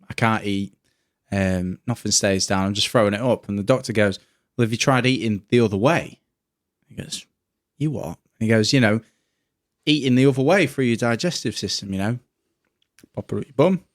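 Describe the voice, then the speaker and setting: A laid-back man co-hosting a comedy podcast, telling a joke in casual chat. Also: lowish voice. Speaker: podcast co-host.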